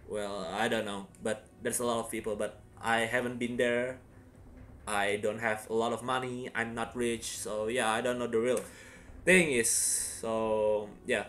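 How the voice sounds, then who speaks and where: A man giving a casual vlog review of a horror film, rambling and excitable, with sudden loud bursts. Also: medium pitch, slight background noise.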